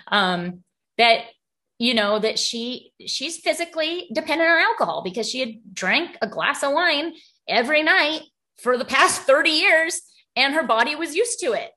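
A woman's voice: sits high, lively intonation, measured pace, sharp tone. A woman speaking casually at a recovery group, explaining a passage and telling stories with lots of asides and laughter. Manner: chatty storytelling, laughs often, many asides.

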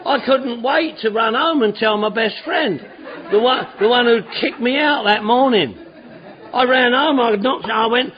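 A man with a strikingly high voice tells a lively recovery story, acting out every line of dialogue and swearing freely. The recording is dull and lo-fi, with a faint crowd murmuring behind him. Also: unhurried. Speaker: speaker sharing his recovery story. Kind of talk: storytelling talk to a recovery meeting.

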